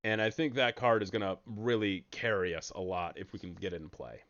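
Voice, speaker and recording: A man giving casual, jokey commentary while streaming a card game, breaking into sudden high excited yelps. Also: a little fast, muffled recording.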